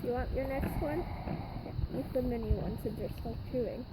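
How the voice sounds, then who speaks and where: A woman chatting casually outdoors with soft, brief replies. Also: on the high side, normal speed. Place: outdoors on a rural property. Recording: distant voice, loud outdoor noise.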